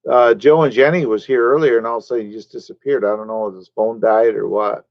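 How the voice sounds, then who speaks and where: A man's voice: medium pitch, steady tone, fast talker, dry recording. A man live streaming, chatting casually and rambling while he answers his chat viewers by name. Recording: dull lo-fi stream audio.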